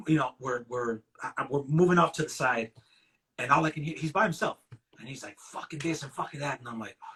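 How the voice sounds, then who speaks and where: A man's voice: fairly high pitch, fairly bright tone. Laid-back West Coast man telling stories. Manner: laid-back storytelling, swears freely. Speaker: podcast host. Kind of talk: casual chat.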